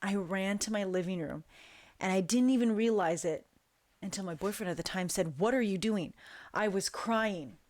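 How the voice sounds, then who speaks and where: A woman recounting a frightening dream in a slow, hushed, deliberate way with long pauses. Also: mid-range voice, no room sound. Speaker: guest storyteller. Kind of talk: dramatic personal storytelling.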